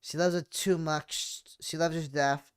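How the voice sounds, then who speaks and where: A man streaming a horror game, commenting playfully and breaking into loud excited yelps and meows. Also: fairly high pitch, moderate pace, clear, resonant tone.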